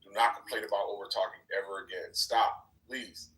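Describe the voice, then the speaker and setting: A man in a heated live debate in an online voice chat room, scolding and repeating himself, going from low muttering to loud outbursts. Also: fairly even intonation, brisk, distant mic, low-quality recording.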